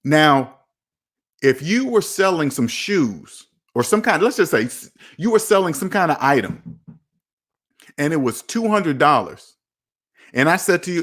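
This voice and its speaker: Blunt, animated man talking money. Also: fairly high pitch, unhurried, long pauses. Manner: blunt, animated, acts out quoted people. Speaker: personal finance streamer. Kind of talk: live-stream chat answering viewer comments.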